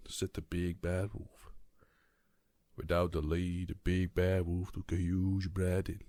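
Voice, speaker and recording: A man reading a bedtime story aloud in a calm, soothing, soft-spoken ASMR manner. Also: low voice, a little slow, no echo, clean studio sound.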